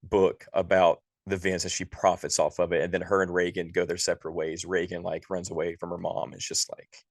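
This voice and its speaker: A man's voice: low voice, little pitch movement, a little fast, no room sound, clean studio sound. A man co-hosting a podcast, giving an exasperated, profane movie review in casual chat. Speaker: podcast co-host.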